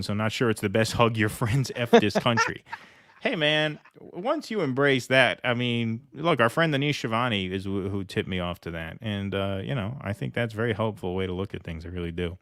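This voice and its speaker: A man's voice: on the low side, expressive, fairly quick, fairly bright tone, no room sound. Chatty man hosting live commentary. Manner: chatty, joking, reads viewer comments aloud. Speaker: political stream host.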